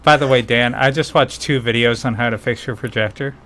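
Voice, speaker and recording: A man's voice: mid-range voice, fairly even intonation, a little fast, fairly bright tone. Joking man in casual chat.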